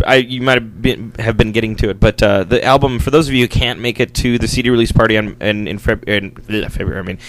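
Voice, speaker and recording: A man's voice: lowish voice, fast, hardly any pauses, low-quality recording. A man in a band, chatting casually in a radio studio interview, rambling with fillers and frequent chuckles. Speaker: band member.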